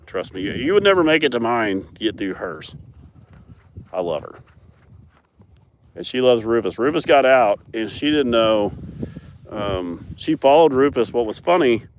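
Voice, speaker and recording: A young man with a fairly low voice tells his farm story with lively energy and frequent laughs. He talks outdoors on a mountain farm, close to a phone camera. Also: slight background noise. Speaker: farmer and animal owner. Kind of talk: casual storytelling vlog.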